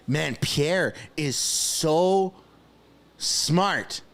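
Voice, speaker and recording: A man commentating live on a stream, excitable, shouting and laughing as he reacts. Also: mid-range voice, slow pace.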